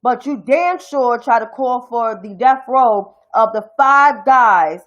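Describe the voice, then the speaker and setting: A woman's voice: a little high, animated, takes it slowly, fairly bright tone, dull audio. A woman from Harlem with a New York accent, hosting a casual livestream commentary show. She rants bluntly and profanely. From New York City (Harlem). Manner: blunt, profane, indignant ranting.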